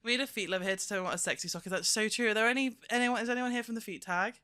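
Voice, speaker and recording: A young woman with a slight lisp chats on a live stream, quick, giggly and easily excited. Her voice is dry and close to the mic, with faint music behind. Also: a little high, smooth, no echo. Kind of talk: casual live-stream chat.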